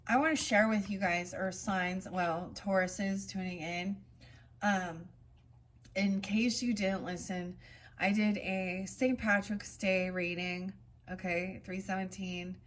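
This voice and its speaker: A woman's voice: mid-range voice, fairly even intonation. Chatty woman giving an oracle card reading. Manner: chatty, rambling asides; reads card meanings in a soft, slow cadence. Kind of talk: casual spiritual card reading.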